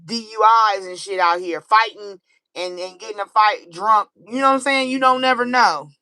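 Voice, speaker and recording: An American woman doing a casual live-stream tarot reading, animated and chatty, laughing easily. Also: medium pitch, moderate pace, no echo, rough recording. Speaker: tarot reader.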